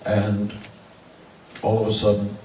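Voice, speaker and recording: A man in his sixties with a fairly low, monotone voice speaks slowly, telling blunt, joking stories full of crude asides to fans between guitar chords. He's a musician doing casual live storytelling in an event room with an audience, and the recording sounds roomy, with a distant mic picking up the guitar.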